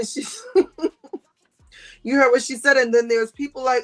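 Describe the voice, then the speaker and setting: A woman hosting a casual livestream, reading viewer comments aloud. She talks in an animated, slangy way, laughs often and swears freely. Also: fairly high pitch, unhurried, pauses often. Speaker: livestream host.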